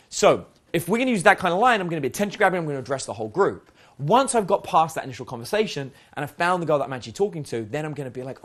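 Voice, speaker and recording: A man teaching a dating seminar in a lively, casual way, swearing now and then and acting out example lines. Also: fairly high pitch, fast talker. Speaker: dating coach. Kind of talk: spoken seminar lesson.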